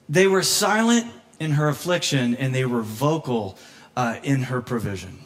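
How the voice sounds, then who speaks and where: With a high voice at a normal speed, this preacher gives an emotional, lively sermon that feels like conversation. He laughs a lot, performs the voices of people he quotes, and sometimes comes close to tears.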